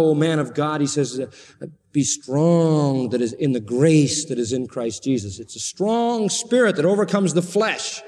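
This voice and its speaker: A man preaching an expository sermon, emphatic, rising to high sarcastic tones when he quotes. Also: mellow. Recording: long hall reverb.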